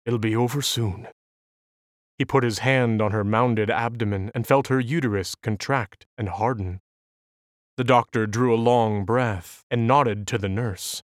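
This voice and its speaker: An audiobook narrator reading a novel in a measured, even storytelling manner. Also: mid-range voice, dry recording, clean studio sound. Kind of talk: scripted narration.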